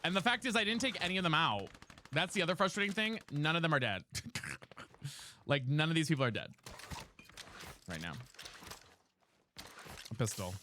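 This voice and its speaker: A man's voice: on the high side, lively intonation, moderate pace, long pauses, sharp tone, a little hiss or hum. A man streaming a game live, chatting with viewers and swearing, a little tired after hours on air. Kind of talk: live gameplay commentary and chat.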